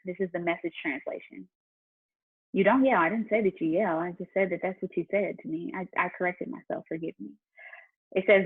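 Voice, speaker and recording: A woman's voice: on the low side, moderate pace, slightly rough. A woman entrepreneur talking casually and with faith to her viewers during a livestream Q&A, answering questions as they come in. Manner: chatty and faith-driven, talking straight to viewers. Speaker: entrepreneur and business mentor. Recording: tinny phone-like livestream audio.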